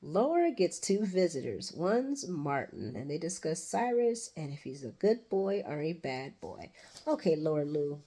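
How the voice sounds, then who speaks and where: Husky low-voiced woman, blunt soap recapper. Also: big pitch swings, unhurried, few pauses, warm tone. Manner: blunt, profane, talks back at the characters. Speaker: soap opera recap vlogger. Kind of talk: casual, opinionated recap.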